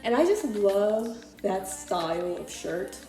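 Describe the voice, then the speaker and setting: A woman's voice: mid-range voice, big pitch swings, slow pace, dark tone. Young woman rambling about thrift finds, kinda breathless, echoey room w faint music. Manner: chatty, loose, lots of "like". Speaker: vlogger. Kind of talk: casual thrift haul vlog.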